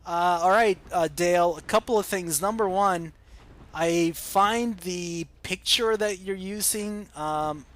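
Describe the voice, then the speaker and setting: An American man hosting a gaming channel, chatting casually through viewer comments and pausing often with ums and uhs. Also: high voice, fairly bright tone. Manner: hesitant, many ums and uhs.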